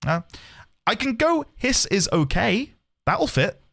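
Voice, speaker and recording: Slow and sing-song, his high voice is gravelly, pushed, and bright. The man is playing a video game on stream, trading jokes and casual chatter with playful bursts of laughter throughout his let's-play commentary.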